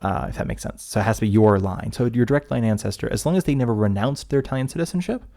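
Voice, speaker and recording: A man talking quickly in a low, gravelly voice, chatting casually as a podcast co-host. He rambles and restarts his sentences. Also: warm tone. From United States. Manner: rambling, self-interrupting, chatty.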